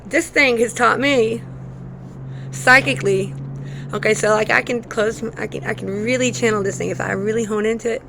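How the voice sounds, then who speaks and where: A woman vlogging in a rambling, excitable stream-of-consciousness monologue. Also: fairly high pitch, moderate pace, creaky, background noise. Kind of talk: casual monologue.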